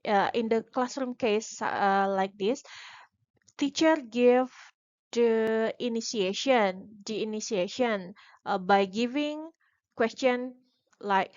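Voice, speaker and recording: A young Indonesian-accented woman gives a slow, deliberate academic presentation, often pausing and restarting her sentences. Her voice sits a little high. The recording sounds muffled and lo-fi. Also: a little mellow, no echo. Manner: halting, with frequent restarts and fillers. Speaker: graduate student presenter.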